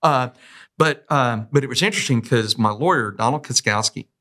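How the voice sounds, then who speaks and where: A man hosting a conversational podcast in a bright, forceful voice. He tells long stories and slips into other people's lines as he goes. His pitch sits at an ordinary male middle. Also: moderate pace. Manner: long anecdotes acting out other people's words. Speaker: podcast host. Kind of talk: conversational interview.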